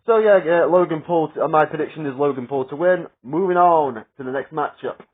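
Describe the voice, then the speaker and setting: A man's voice: a little high, fairly quick, husky. Tinny-sounding man rambling through predictions. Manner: rambling, filler-heavy, chuckles at his own asides. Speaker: wrestling predictions vlogger. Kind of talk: casual solo predictions commentary.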